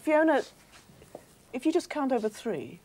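A woman's voice: high voice, big pitch swings, measured pace, darkish tone. A woman voice coach leading a workshop on a TV studio stage, coaxing the audience through exercises.

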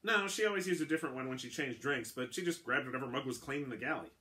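A man's voice: medium pitch, fast, pushed and bright, pitched above the performer's own voice, lightly acted. A man voicing an earnest male sailing master on a pirate ship, trying to keep the peace. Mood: explaining. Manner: earnest, urgent.

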